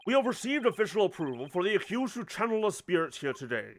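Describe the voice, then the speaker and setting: A man's voice: high voice, very animated, quick pace, a little hiss or hum. A man voicing a solemn middle-aged male court minister who speaks formally and ceremoniously.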